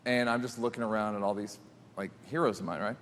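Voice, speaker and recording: A man's voice: fairly low pitch, steady tone, quick pace, fairly bright tone, slight background noise. A male stand-up comedian telling a rambling, self-deprecating story. A long hall reverb trails his voice, with faint ambience behind.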